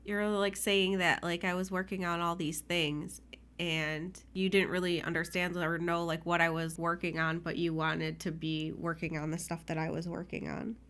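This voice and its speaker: A woman's voice: fairly low pitch, little pitch movement, moderate pace, a bit bright. A young woman co-hosting a casual podcast chat, emotional and teary, often laughing. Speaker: podcast co-host.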